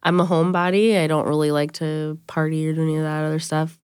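A woman's voice: low voice, level tone, fast, a little mellow, clean tone, no room sound. A young woman in her twenties speaking bluntly and candidly in an interview, saying "like" often. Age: 20s. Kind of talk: emotional interview recollection.

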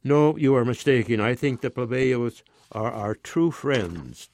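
A man's voice: mid-range voice, measured pace, a little mellow, close to an everyday voice. A man reading the part of an anxious, superstitious peasant wife who pleads and insists in a slightly raised voice. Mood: pleading.

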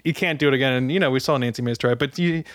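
A man from Maryland co-hosting a podcast in a radio studio, chatty and quick to laugh. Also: mid-range voice, a bit bright, no room sound. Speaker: podcast co-host. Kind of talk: casual chat.

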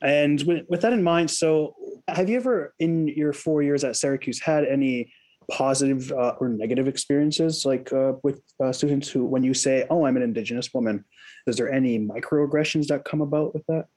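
A young man interviewing a fellow student. He asks his questions haltingly, with plenty of fillers, in a voice of middle pitch. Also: a little mellow. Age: young adult. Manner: halting, with many fillers when asking questions.

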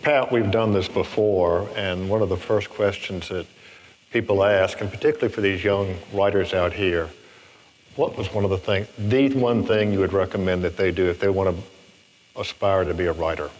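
A man with a fairly low voice hosts a radio program. He introduces the episode and asks his questions in a measured, formal manner. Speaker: radio show host and interviewer. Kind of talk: radio hosting and interviewing.

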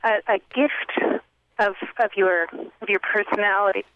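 A woman calling into a radio show, speaking in an earnest, hesitant way with halting repeats. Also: mid-range voice, steady tone, smooth, no echo. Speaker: caller. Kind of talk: radio call-in. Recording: tinny phone line.

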